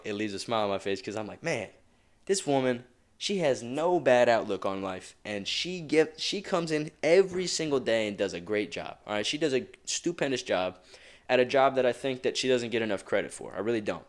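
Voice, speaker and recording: A man's voice: medium pitch, lively intonation, brisk. A young man hosting a motivational podcast alone, talking casually and rambling with many asides and chuckles. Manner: rambling and conversational, with frequent asides; chuckles often. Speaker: podcast host.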